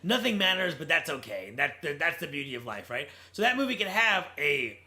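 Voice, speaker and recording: A high, bright male voice that talks in a loose, rambling way. He thinks aloud about comedy and movies and often restarts in the middle of a sentence. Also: very animated, a little fast. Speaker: podcast co-host. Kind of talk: casual movie discussion.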